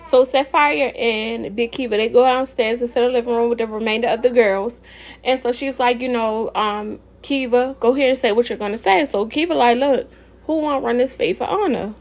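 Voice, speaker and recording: A woman's voice: on the high side, moderate pace, muffled recording. Opinionated woman recapping reality TV. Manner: animated, opinionated, talks to viewers as y'all. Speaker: reality show recap host. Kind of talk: casual recap commentary.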